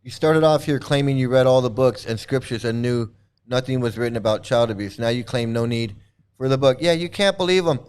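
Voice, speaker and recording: Angry ranting man, smooth voice. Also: mid-range voice, a little fast, darkish tone. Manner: angry, sarcastic, mocking; repetitive, stammering restarts. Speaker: commentary video host. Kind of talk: ranting commentary to viewers.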